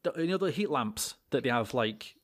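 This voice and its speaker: A young British man co-hosting a podcast tells a rambling anecdote in casual chat, swearing plenty and restarting his sentences. His medium-pitched voice is animated at a normal speed.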